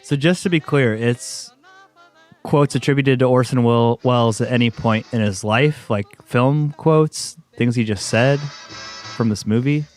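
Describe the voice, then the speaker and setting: A man taking part in a podcast chat who speaks in a measured way and checks the rules carefully. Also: medium pitch, faint music behind. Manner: precise, asks for clarification. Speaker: podcast co-host. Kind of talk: casual chat.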